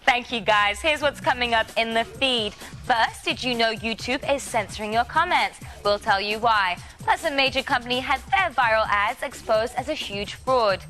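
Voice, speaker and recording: A woman presenting upcoming news headlines on a TV show in a crisp, upbeat manner. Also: on the high side, moderate pace, bright, forceful tone, soft background music.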